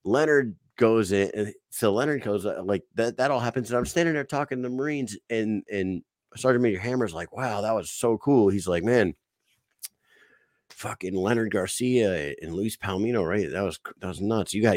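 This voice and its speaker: Man, podcast host, casual chat, profane, excitable, low-pitched. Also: a little fast, no room sound, clean studio sound.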